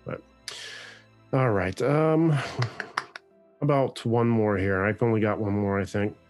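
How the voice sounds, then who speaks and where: Man, podcast host, casual chat, animated, jokey, swears, faint music behind. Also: on the low side, slow pace.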